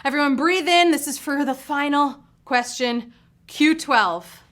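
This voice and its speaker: A woman's voice: high voice, measured pace, a bit bright. A woman hosting a live trivia game show, reading questions with playful, teasing, chatty asides.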